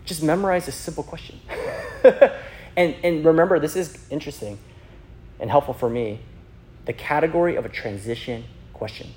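A man's voice: fairly high pitch, brisk, darkish tone. A man giving a chatty teaching talk on sharing faith, full of fillers and acted-out quotes from a personal story. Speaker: youth evangelism speaker.

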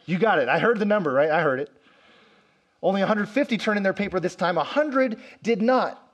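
A pastor preaching a sermon, telling a story and acting out quoted lines with rising and falling emphasis. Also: male voice, high-pitched, animated, brisk.

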